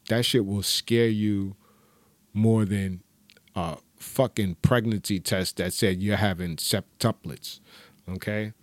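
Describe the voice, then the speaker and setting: A man's voice: fairly low pitch, no room sound. A man hosting a podcast, telling casual, profane stories with lots of laughter. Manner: profane, laughing, animated storyteller. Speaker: podcast host. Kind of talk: casual solo storytelling.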